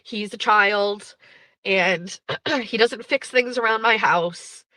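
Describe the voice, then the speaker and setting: Sweary woman host spilling a family story, bright edgy voice, dry close sound. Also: mid-range voice, takes it slowly, no room sound, poor audio. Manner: blunt, profane and emotional. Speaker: podcast host. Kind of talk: candid storytelling.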